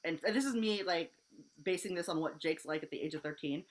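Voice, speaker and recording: A woman stand-up comedian telling stories in a blunt, animated way. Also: fairly low pitch, fairly quick. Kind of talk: casual chat.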